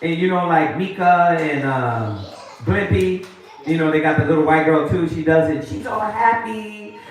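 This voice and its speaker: Animated male street preacher, high voice, heard from far off. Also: normal speed. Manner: animated, mocking voices of others. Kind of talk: preaching to a group. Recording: echoey room from far off.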